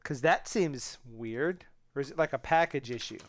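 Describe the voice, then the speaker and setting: A man's voice: medium pitch, normal speed, no echo, soft background music. A man hosting a casual live coding stream, thinking aloud and chatting with viewers in a rambling way, with restarts and asides.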